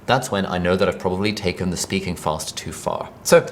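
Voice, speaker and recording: Fast-talking deep-voiced man teaching. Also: a little hiss or hum. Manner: fast, energetic, conversational delivery. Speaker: online video coach. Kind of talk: direct-to-camera tutorial. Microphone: camera with videographer.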